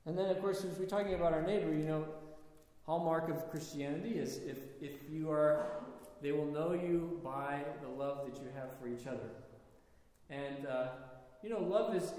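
A man preaching a sermon, his fairly high voice ringing through a large hall with a long, echoing reverb. He talks to his listeners like a storyteller and keeps asking them rhetorical questions. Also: warm tone. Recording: echoey hall.

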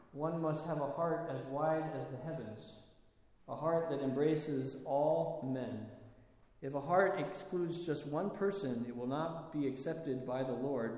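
A man's voice: on the high side, a little mellow. Man preaching in an echoey hall. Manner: storytelling, conversational with rhetorical questions. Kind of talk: sermon.

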